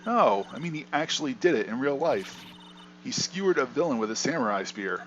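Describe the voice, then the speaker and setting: A man voicing an excitable young woman assistant in a fan voice-over of a game, speaking high and eager. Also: a little fast, slight background noise, close to an everyday voice. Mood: frantic excited.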